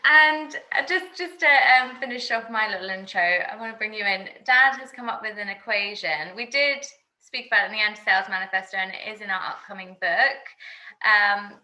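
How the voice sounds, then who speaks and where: A young woman co-hosting a webinar, talking in a warm, slightly hesitant way. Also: mid-range voice, normal speed, low-quality recording. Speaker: webinar co-host. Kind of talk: casual webinar talk.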